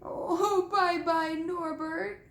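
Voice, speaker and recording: A woman voicing a big, soft-hearted male gamekeeper who talks in a fond, blustery way, recorded in an echoey room. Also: sits high, very animated, unhurried. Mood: tearful. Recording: echoey room with faint ambience.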